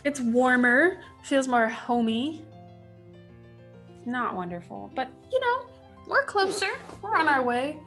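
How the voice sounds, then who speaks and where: A woman's voice: high-pitched, lively intonation, takes it slowly, fairly bright tone, soft background music. A woman, likely in her thirties, giving casual let's play commentary, talking to herself with wry asides as she builds. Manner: chatty, wry self-talk while building. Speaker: gaming channel host.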